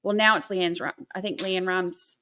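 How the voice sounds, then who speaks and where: A woman's voice: lowish voice, steady tone, moderate pace, sharp tone, slight background noise. A woman hosting a livestream, chatting casually with sarcastic, scattered asides and thanking viewers for gifts. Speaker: livestream host.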